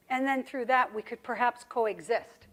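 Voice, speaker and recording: A woman doing a gentle blind rabbit. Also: on the high side, measured pace. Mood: earnest.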